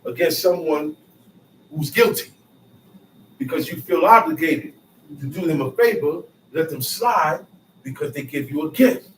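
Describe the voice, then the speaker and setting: Bible teacher, male, slangy paraphrasing, higher voice, distant roomy recording. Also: unhurried, pauses often. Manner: explains verses in casual slang, repeats and paraphrases, lively rises. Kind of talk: street-style scripture teaching. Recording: roomy echo, far from mic, faint noise.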